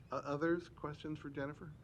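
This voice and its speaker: A man's voice: on the high side, slight background noise. Polite man chairing a hearing. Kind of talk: hearing moderation. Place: legislative hearing room.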